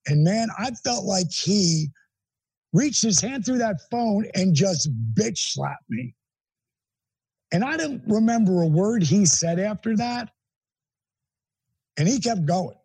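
Husky, high-voiced man telling a story. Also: takes it slowly, pauses often, no echo, poor audio. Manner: animated, emphatic storyteller with profanity. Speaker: interview guest. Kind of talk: storytelling in an interview.

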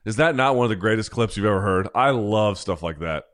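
A man's voice: fairly low pitch, expressive, brisk, a bit bright. Rambling, sarcastic male podcast host. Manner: sarcastic, rambling, self-deprecating. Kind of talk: casual comedic chat.

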